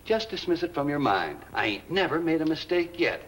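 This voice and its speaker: An actor playing a self-assured middle-aged husband who insists on settling everyone's affairs. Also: male voice, on the high side, big pitch swings, fairly quick, fairly bright tone, a little hiss or hum. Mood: pompous. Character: bossy older husband who knows best.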